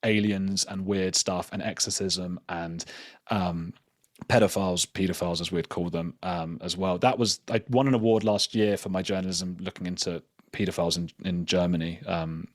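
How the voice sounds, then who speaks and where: A man sits for a podcast interview and recounts stories in a loose, self-deprecating ramble, leaning on "like" as he goes. His voice sits fairly low. The sound is close and dry, with no room echo. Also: steady tone, normal speed. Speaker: journalist and podcast guest. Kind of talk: casual storytelling in an interview.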